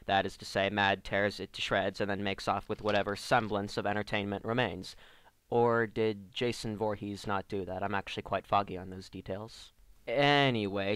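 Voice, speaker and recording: A man's voice: fairly low pitch, a bit bright, clean tone, no echo. A man delivering a scripted comedic review rant as an online reviewer, sarcastic and exasperated.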